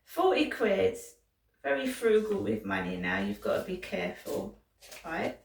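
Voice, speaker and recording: A gravelly, mid-range voice, a little slow, comes through a distant mic in a reverberant space with a little hiss or hum. It's a middle-aged British woman vlogging in pain, rambling and swearing with restarts and stumbles in a personal monologue.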